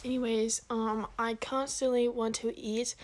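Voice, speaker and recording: A woman's voice: fairly high pitch, flat delivery, a little slow, a little mellow. A woman giving a chatty, easily distracted vlog update, laughing between lines.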